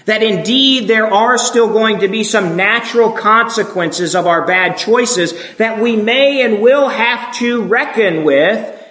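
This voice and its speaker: A male preacher with a high-pitched voice works through a passage in an expository sermon. He is earnest and explanatory and repeats key points for emphasis. The sound is echoey, as if recorded in a reverberant room. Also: a little slow, few pauses, a bit bright.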